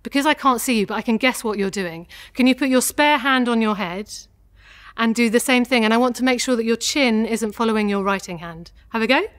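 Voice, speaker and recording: A woman voice teacher leading a guided vocal warm-up, gentle and encouraging as she demonstrates each sound. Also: a little high, brisk.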